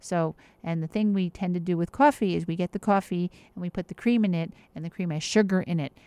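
A woman's voice: on the low side, steady tone, a little fast, dark tone, smooth, dry recording. A woman giving casual health advice in an emphatic, chatty way, with many fillers and restarts.

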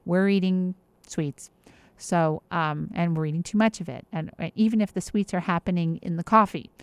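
A woman's voice: lowish voice, steady tone, moderate pace, clear, resonant tone, no room sound. Chatty woman giving health advice. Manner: chatty, emphatic, with many fillers and restarts. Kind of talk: casual advice talk.

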